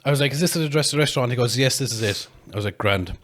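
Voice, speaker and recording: A man, a podcast host telling a long story in casual chat, animated and laughing, with plenty of swearing. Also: medium pitch, racing.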